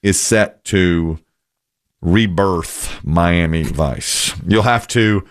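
A man's voice: deep voice, extremely slow, clear, resonant tone, no room sound, clean studio sound. A man hosting a casual radio chat, telling stories and giving opinions in a chatty way. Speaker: radio show host.

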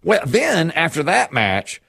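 A man's voice: fairly high pitch, slow, gravelly, husky. A man casually telling a funny anecdote, acting out what people said and laughing along. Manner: animated anecdote teller, acts out quoted lines, laughs often. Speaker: co-host telling a story. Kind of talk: casual storytelling chat.

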